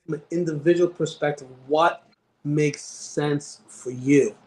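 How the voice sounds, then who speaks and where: A middle-aged man psychiatrist answering interview questions, earnest and halting, with frequent restarts and fillers. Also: on the high side, fairly even intonation. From United States. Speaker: child and adolescent psychiatrist, guest.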